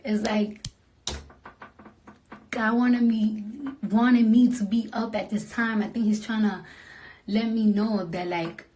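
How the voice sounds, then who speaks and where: A sleepy woman at home at night, talking into her phone on a casual livestream, soft and emotional and often dropping to a whisper. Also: medium pitch, fairly even intonation, slow pace, pauses often.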